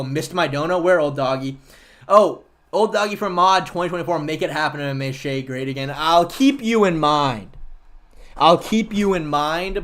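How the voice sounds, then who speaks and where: A man's voice: a little high, a bit bright. A man hosting a livestream, chatting casually and argumentatively with viewers and swearing freely. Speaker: livestream host.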